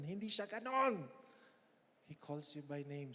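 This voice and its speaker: A man's voice: high-pitched, expressive, normal speed. Filipino preacher man in an echoey hall. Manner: dramatic swings from loud calls to hushed whispers; switches between Tagalog and English. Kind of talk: sermon. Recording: long echo in a big hall.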